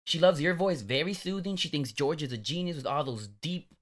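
A man co-hosting a comedic podcast, an animated storyteller who acts out the voices in his stories. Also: fairly high pitch, fairly quick. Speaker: podcast co-host.

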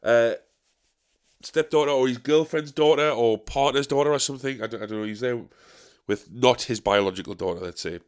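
A man with a clear, resonant, mid-range voice speaks fairly quickly. He's a stand-up comedian and pub quiz host telling a story in a casual monologue, ranting in exasperation and swearing freely.

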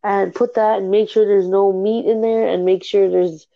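A woman's voice: mid-range voice, steady tone, normal speed, gravelly, muffled recording. A young woman from Canada in casual conversation, chatty and giggly, with many fillers as she tells stories. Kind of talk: casual chat.

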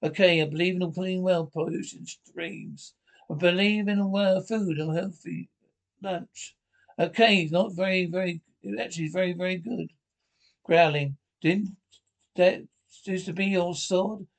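A man's voice: high-pitched, steady tone, normal speed, gravelly. Man reading a drama aloud, cues and all. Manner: announces sound cues and speaker tags between lines.

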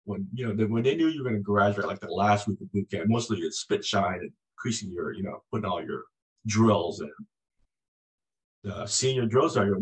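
Man in his sixties, fairly low voice, animated storyteller, conversational interview guest. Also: a little fast, poor audio. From United States. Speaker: guest, former Marine.

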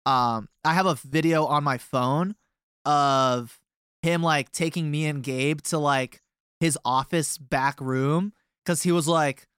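A man's voice: on the high side, slow, fairly bright tone, smooth, dry recording, studio quality. A young man from a touring band telling a long tour story in a casual, rambling way with many fillers.

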